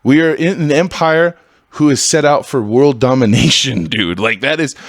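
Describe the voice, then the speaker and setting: A podcast host delivers a casual, heated monologue at normal speed, swearing freely and swinging between loud outbursts and low mutters. The studio sound is clean with no echo.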